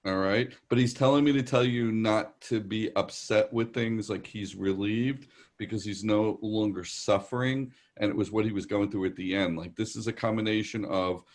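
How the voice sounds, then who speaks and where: Low-voiced man with a New York accent. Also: steady tone, moderate pace, hardly any pauses. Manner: rambling, reassuring, relays messages in quotes. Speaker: psychic medium. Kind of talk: live virtual show readings.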